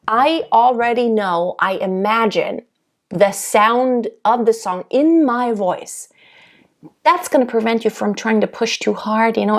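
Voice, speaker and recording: A woman's voice: on the high side, creaky. A woman singing teacher giving an encouraging, conversational video lesson, with many rhetorical questions.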